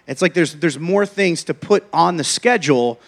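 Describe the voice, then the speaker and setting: High-voiced joking preacher man. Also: moderate pace. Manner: chatty, joking storyteller.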